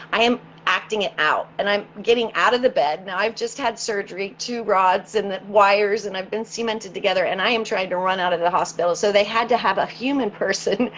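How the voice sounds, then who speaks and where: A woman guest in an interview, telling a personal story in an earnest, halting way and often repeating words as she searches for them. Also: mid-range voice, slight background noise, poor audio.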